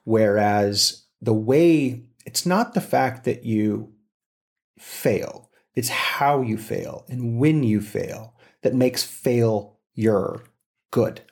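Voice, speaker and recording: Animated storytelling man. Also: mid-range voice, drawn-out words, vocal fry. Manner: animated storyteller, acts out quotes. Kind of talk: casual conversation.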